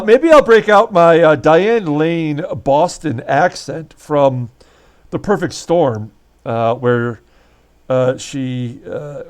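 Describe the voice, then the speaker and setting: Lively-pitched man recapping a baseball replay. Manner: chatty, thinking aloud with fillers and self-corrections. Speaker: host of a baseball season replay. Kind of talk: casual game commentary.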